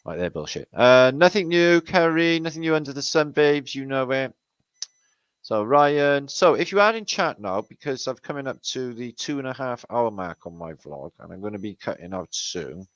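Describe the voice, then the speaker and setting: A man's voice: medium pitch, big pitch swings, normal speed, no echo, low-quality recording. A British man hosting a casual livestream, rambling in slang, swearing freely and chatting with viewers in a chummy way. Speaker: livestream host. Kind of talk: casual livestream chat, reading out viewer comments. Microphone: streaming setup mic.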